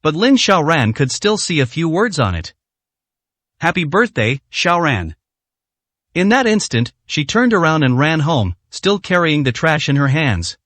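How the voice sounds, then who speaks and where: Man narrating a story, lively pitch. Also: a little slow, no echo.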